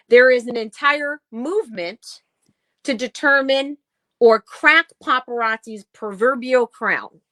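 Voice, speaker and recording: A woman's voice: on the high side, a bit bright, no room sound. A woman co-hosting a casual talk show, ranting bluntly and swearing as she reads posts aloud. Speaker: podcast co-host. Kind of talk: casual chat.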